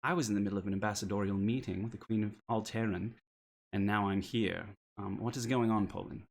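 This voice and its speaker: A man's voice: on the low side, fairly even intonation, fast, gravelly, slight background noise. A man doing a wry half-elf cleric king.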